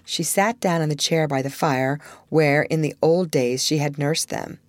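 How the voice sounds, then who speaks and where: A woman reading a children's story aloud in a measured, expressive narration. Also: deep voice, no echo. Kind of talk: audiobook narration.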